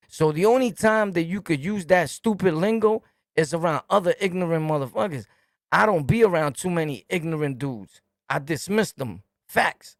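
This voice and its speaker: Blunt New York man ranting, gravelly. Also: fairly high pitch, no echo, clean studio sound. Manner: blunt, repetitive, preachy slang. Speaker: YouTube host. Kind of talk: streetwise monologue rant.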